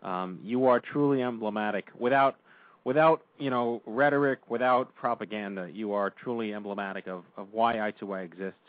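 A man's voice: on the low side, moderate pace, no echo. Upbeat male talk show host on a tinny line. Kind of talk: casual radio talk show.

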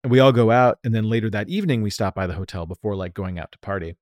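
A man from the United States, a company founder, telling stories in an animated, lively way during a casual interview. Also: lowish voice, rapid-fire, dry recording, clean studio sound. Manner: animated, lively storyteller who acts out quotes.

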